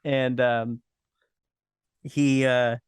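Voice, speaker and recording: A man's voice: mid-range voice, flat delivery, extremely slow, clear, resonant tone, no room sound. A man co-hosting a comedy podcast, chuckling and swearing freely in casual chat. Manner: chuckling, swears freely, trips over restarts. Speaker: podcast co-host.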